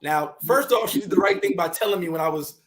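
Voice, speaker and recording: A man hosting a casual talk show, telling a personal story in an animated way, repeating words and acting out his own shouting. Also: high voice, fast, a loud crowd, rough recording. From New York. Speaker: podcast host.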